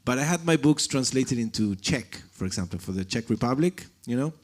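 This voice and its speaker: A man's voice: mid-range voice, animated, brisk. A man whose first language is Spanish, talking on a conference panel in a chatty way, laughing often, with many fillers and restarts.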